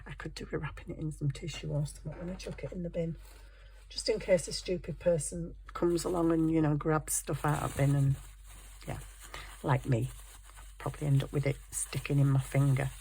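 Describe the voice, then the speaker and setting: A woman's voice: sits low, steady tone, fairly quick, creaky, dark tone, a little hiss or hum. A woman chatting casually and rambling cheerfully about her craft project at her home desk. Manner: rambling, self-deprecating, chatty. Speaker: craft vlogger.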